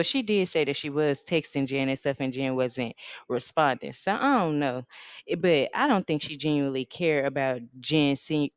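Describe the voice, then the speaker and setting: A woman recapping a reality TV episode, acting out the cast in quick put-on voices. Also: deep voice, no room sound. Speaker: reaction show host.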